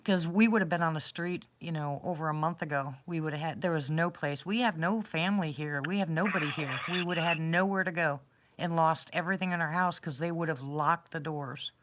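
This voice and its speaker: Chatty woman host, slightly low voice. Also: fairly quick, fairly bright tone, a little hiss or hum. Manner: chatty storyteller, laughs easily, religious, grateful. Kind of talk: casual chat.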